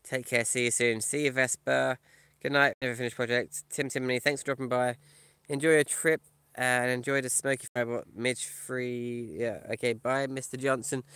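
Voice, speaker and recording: Brief: male van-life vlogger, casual live chat, bright crisp voice, dry close sound. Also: mid-range voice, steady tone, moderate pace, no room sound. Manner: casual, chatty, reads comments aloud and answers them. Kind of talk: live stream chat, reading viewer comments. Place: in a camper van or parked outdoors.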